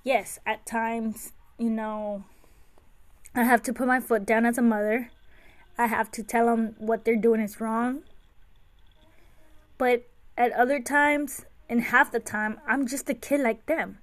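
A woman's voice: fairly high pitch, steady tone, measured pace, pauses often. A woman hosting a podcast, chatting casually and telling stories about raising her kids. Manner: chatty, anecdotal storytelling. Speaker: podcast host and mother. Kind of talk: casual chat.

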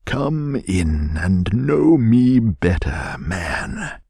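A man voicing a jolly giant male Christmas ghost in a bedtime story, speaking slowly in a soft, breathy hush. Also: fairly low pitch, sing-song, no room sound, studio quality, pitched above the performer's own voice, full character voice. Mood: welcoming. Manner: slow, hushed, breathy.

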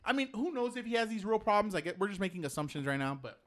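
A young man co-hosting a casual podcast chat, slangy and animated, laughing often. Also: high voice, fast.

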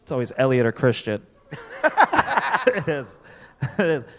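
A man from Connecticut doing live stand-up comedy, animated, profane and self-deprecating, on a festival stage before an audience. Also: medium pitch, measured pace. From Connecticut, USA. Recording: reverberant live venue.

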